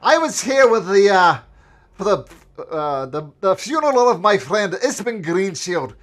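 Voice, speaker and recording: A man voicing Cudgel, an indignant, blustering male leader who shouts his lines in a tabletop game. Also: sits high, sing-song, measured pace, voice pushed up, heavily acted. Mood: outraged.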